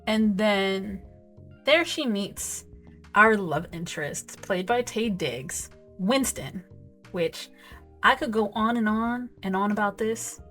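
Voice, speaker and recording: A woman hosting a casual movie review, talking in an animated, emphatic way with lots of asides. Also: mid-range voice, slow, faint music behind. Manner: animated, emphatic, repeats "okay?" and "whatever". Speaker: film reviewer, host.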